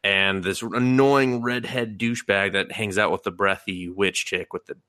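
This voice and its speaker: Dude on a podcast rambling through a recap, swears a lot, tense bright tone, dry sound. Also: male voice, fairly low pitch, fairly even intonation, normal speed, no room sound. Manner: profane, rambling, acts out quotes in sudden voices. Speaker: podcast co-host. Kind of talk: casual anime recap chat.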